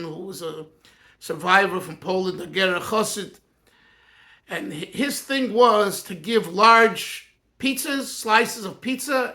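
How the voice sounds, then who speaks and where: A man, a Yiddish speaker, reminiscing in a personal talk as a rabbi, earnest and halting with many restarts. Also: high voice, bright, forceful tone. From United States.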